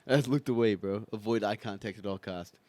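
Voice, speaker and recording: A man's voice: fairly low pitch, brisk, darkish tone, no room sound. A young man talking casually as a guest, laid-back and laughing through his stories. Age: young adult. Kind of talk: casual chat.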